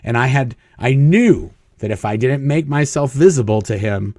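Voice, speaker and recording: A man's voice: medium pitch, lively intonation, moderate pace, darkish tone, dry recording, studio quality. A middle-aged man casually telling a long personal story in an interview, acting out the dialogue of the people in it. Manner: rambling anecdotes, acting out quoted dialogue. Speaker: guest telling his story.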